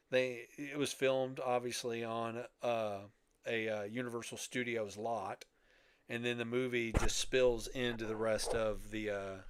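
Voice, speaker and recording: A man's voice: mid-range voice, a bit bright, clean tone, dry recording. Older man with a dry, close sound. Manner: rambling storyteller, wry, laughs often. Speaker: podcast co-host. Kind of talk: casual chat.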